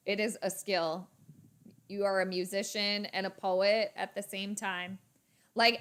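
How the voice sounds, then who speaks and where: A young adult woman hosting a casual live reaction stream, chatting with viewers, reading their comments aloud and breaking into bursts of excitement at the game. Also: medium pitch.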